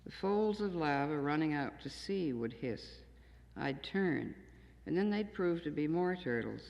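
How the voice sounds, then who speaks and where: Gravelly older woman reading poems in a hall. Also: low-pitched, lively intonation, a little mellow. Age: 60s. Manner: plain, understated, measured reading. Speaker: poet reading her own work. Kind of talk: poetry reading to an audience. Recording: dull 1970s tape in an echoey hall.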